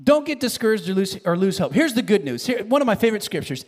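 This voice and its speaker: A man preaching a sermon, animated, building to shouted emphasis and dropping low again. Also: fast talker, few pauses, in a large hall.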